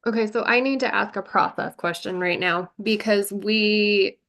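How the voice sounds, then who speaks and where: A woman's voice: mid-range voice, moderate pace, fairly bright tone. A woman chairing a virtual board meeting, talking through procedure carefully and thinking aloud.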